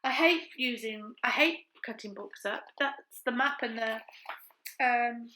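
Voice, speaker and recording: A woman's voice: a little high, a little slow, sharp tone, slight background noise, poor audio. A woman in a casual crafting chat, thinking aloud as she works. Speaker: craft vlogger.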